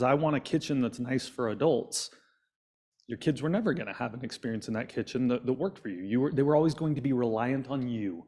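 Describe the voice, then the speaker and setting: Guy running a business coaching call, upbeat, keeps quizzing folks. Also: mid-range voice. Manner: energetic, quizzes the audience. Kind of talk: coaching session on a video call.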